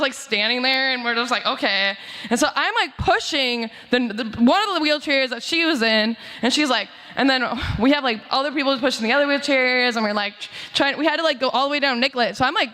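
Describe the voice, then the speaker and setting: A woman's voice: high-pitched, pushed and bright. A young woman outreach worker sharing a casual, laughing memorial story, full of likes and asides, at a church service. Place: church sanctuary. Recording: echoey church hall over speakers.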